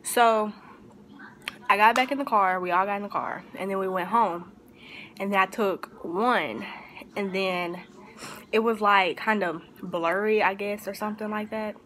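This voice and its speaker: A woman's voice: mid-range voice, measured pace, a bit bright. A young woman telling a personal story in a casual, rambling way, full of fillers and restarts, with a faint hiss behind her. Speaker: vlogger.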